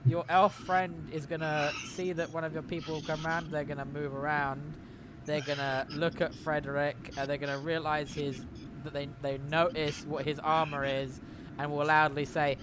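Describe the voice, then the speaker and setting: A man runs a tabletop game in a loose, rambling way, often stopping to correct himself. His voice sits a little high for a man. A clear layer of noise runs under the recording. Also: little pitch movement, normal speed. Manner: rambling, chatty, self-correcting. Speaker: game master. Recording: noisy recording.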